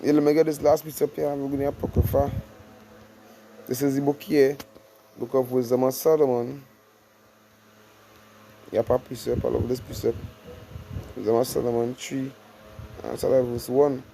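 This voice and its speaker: Man teaching scripture, mellow voice. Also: medium pitch, little pitch movement, gravelly, slight background noise, rough recording. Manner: reads verses slowly, then explains in loose repeated phrases. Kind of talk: informal scripture study sermon.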